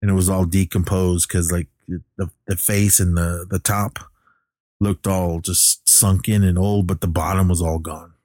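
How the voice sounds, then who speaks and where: Deep, dark-voiced man rambling through a movie recap. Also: level tone, measured pace, no echo, clean studio sound. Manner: rambling, many fillers and restarts. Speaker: film recapper. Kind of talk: casual movie plot recap.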